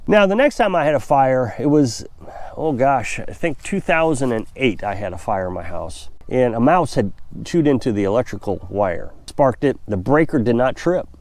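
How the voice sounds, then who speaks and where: Middle-aged man from Missouri, homestead vlogger, rambling and chatty, with an animated pitch. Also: dry recording. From Missouri, USA. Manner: rambling, conversational, self-correcting. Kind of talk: casual storytelling to camera.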